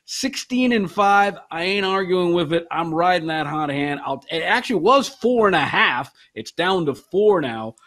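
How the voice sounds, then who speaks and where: A man's voice: high voice, expressive, normal speed, few pauses, fairly bright tone. A man on a sports betting panel, talking about his picks in an enthusiastic, rambling way. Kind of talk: casual sports betting chat.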